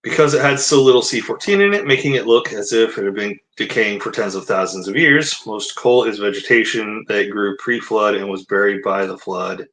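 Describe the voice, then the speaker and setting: A man's voice: lowish voice, moderate pace, hardly any pauses, fairly bright tone, low-quality recording. A man giving sarcastic, rambling commentary, mixing book passages read aloud with mocking rebuttals. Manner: rambling asides. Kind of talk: casual commentary mixed with reading aloud.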